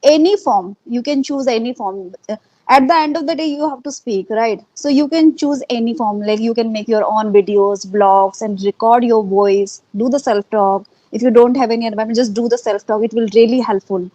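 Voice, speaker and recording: A woman with an Indian accent speaks earnestly in a casual conversation, her voice sitting a little high. She repeats herself and fills pauses with "uh" and "like." The sound is dry and close, with no room echo. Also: mellow, dull audio. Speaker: interviewee, English learner.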